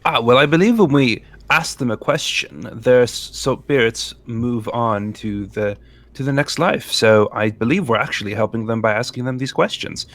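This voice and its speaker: A man's voice: mid-range voice, normal speed, a bit bright. A man playing a tabletop role-playing game, talking in character with polite, formal phrasing and hesitant fillers. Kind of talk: in-character role-play chat.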